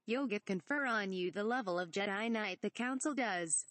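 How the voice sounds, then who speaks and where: A woman's voice: medium pitch, moderate pace, fairly bright tone, no room sound, lightly acted. A woman voicing a small, mischievous old male swamp creature who talks with his word order inverted, read from a parody script. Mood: teasing. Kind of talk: reading a fan parody script aloud.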